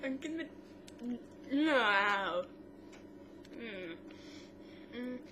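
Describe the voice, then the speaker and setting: A woman's voice: fairly high pitch, animated, extremely slow, pushed and bright, slight background noise. A woman co-hosting a casual podcast, retelling a TV episode scene by scene, quoting the lines and often restarting. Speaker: co-host of a mother-daughter podcast. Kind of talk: casual chat recapping a TV episode.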